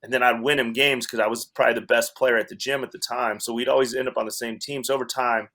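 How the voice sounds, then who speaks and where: A man's voice: medium pitch, steady tone, fast, sharp tone. Man rambling through a comic story. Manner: rambling, self-interrupting, laughs through the story. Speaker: comedian guest. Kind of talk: casual storytelling.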